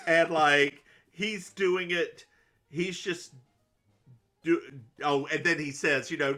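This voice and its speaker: A man's voice: on the high side, fairly even intonation, slow pace, pushed and bright. A man from the American South co-hosting a casual recap podcast, snarky and laughing often, with stumbling restarts. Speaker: podcast co-host.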